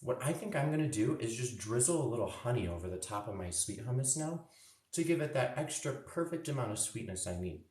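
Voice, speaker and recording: A man's voice: medium pitch, expressive, fairly quick, a little mellow. A man teaching a live cooking demo for kids, cheerful and chatty, tasting food as he talks. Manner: cheerful, chatty, tastes food while talking. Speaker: cooking instructor. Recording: roomy echo, mic at a distance.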